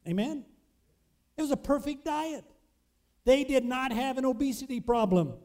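A man's voice: very high-pitched, moderate pace, a little mellow. A man preaching a sermon, emphatic and fond of asking his congregation questions.

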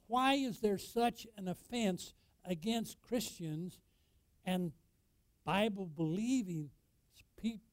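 Recorded close and dry with no echo in the room, this high-voiced pastor delivers a sermon that poses questions to the congregation. He surges into loud, forceful climaxes, then sinks back to hushed, low lines.

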